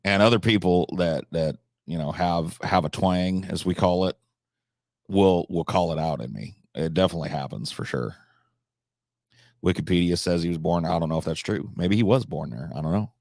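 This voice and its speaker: A man's voice: deep voice, moderate pace, gravelly, darkish tone, dry recording, clean studio sound. A man from California hosting a livestream, answering viewers in an articulate, reflective way and letting a country drawl slip in now and then. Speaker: livestream host.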